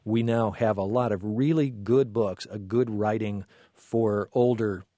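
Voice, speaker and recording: A man hosting a radio talk show, speaking in a measured way with frequent fillers and self-corrections. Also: fairly low pitch, fairly even intonation, dark tone, dry recording, clean studio sound. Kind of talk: radio interview.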